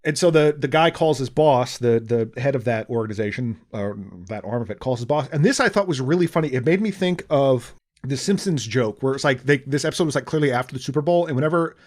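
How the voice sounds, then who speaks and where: A man's voice: mid-range voice, fast. Rambling man retelling a movie. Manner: rambling, animated retelling of a film. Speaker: podcast co-host. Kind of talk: casual chat.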